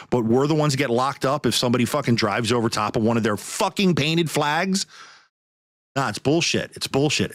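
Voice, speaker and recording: A man's voice: medium pitch, dry recording, clean studio sound. A podcast host man ranting in anger, swearing heavily as he talks. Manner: angry, profane, heavy swearing. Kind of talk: heated podcast rant.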